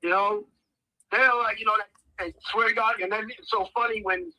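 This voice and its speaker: A high-pitched American man in his 50s speaks at a moderate pace as a podcast guest, telling casual stories and animatedly acting out the characters' voices. The recording is dry and rough.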